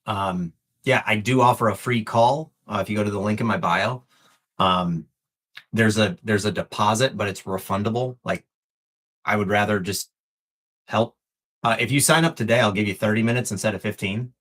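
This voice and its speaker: With a fairly low, somewhat bright voice at normal speed, a man leads a live-stream session as a fitness and life coach. He's heartfelt and encouraging, repeats himself for emphasis, swears in passing and is close to tears.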